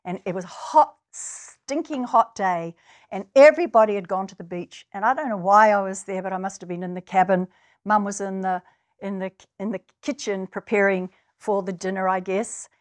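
A woman's voice: mid-range voice, steady tone, fairly quick. A woman from New Zealand preaching a sermon, earnest, and building to emphatic, stirring passages. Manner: earnest, rises to emphatic exclamations.

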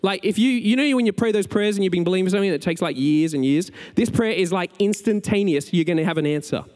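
A man preaching a conversational, energetic sermon as pastor. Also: high voice, fast. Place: church sanctuary. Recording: large hall with long reverb, faint music.

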